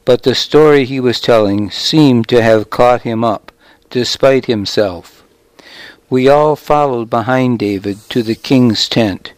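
A man narrating a novel in a measured, deliberate storytelling manner. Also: medium pitch, no echo, low-quality recording. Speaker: audiobook narrator. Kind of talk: scripted narration.

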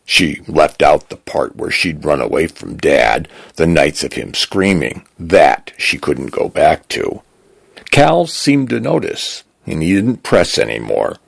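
A man with a gravelly voice reading a story aloud in measured narration. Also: very deep voice, very animated, dry recording. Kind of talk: scripted narration.

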